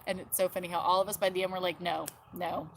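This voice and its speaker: Mom doing a casual live chat out in the yard, rambly, lots of likes and ums, little bit of background hum. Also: female voice, fairly low pitch, flat delivery, rapid-fire. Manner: chatty and rambling, full of "like" and "um". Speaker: live-stream host and mother. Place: outdoors in a backyard.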